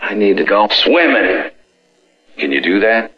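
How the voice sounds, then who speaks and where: A man talks slowly and flatly from a low register on a prank call. His pitch swings widely when he pushes. The sound is muffled and lo-fi. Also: breathy edge. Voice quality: deadpan, blunt and pushy. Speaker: prank caller.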